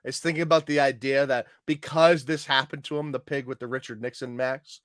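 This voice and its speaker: A man's voice: medium pitch, fairly even intonation, fairly quick, a bit bright, dry recording, clean studio sound. A man co-hosting a casual chat about comedy sketches, laughing often and quoting favorite lines. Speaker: podcast co-host.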